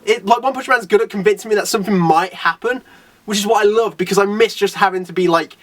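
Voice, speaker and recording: High-voiced guy rambling thru a manga review, super up-and-down pitch, kinda far from the mic. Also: fast. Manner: animated, rambling, lots of "like" and acted-out quotes. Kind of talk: casual chapter review.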